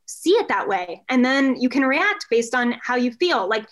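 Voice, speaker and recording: A woman's voice: on the high side, sing-song, normal speed, a little hiss or hum. A woman coach who works with men, talking candidly in a casual podcast conversation and swearing often.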